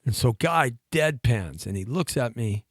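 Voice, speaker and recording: Animated middle-aged male storyteller, dry studio sound. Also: medium pitch, measured pace, dry recording. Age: 50s. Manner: animated anecdotal storyteller with laughs and restarts. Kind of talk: storytelling on a talk show.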